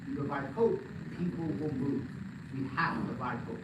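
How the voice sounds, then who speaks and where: A man giving an animated, joking, emphatic speech to an audience at a live event. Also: medium pitch, fairly quick. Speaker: political commentator giving a speech. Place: large event hall. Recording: echoey hall from far off, loud noise.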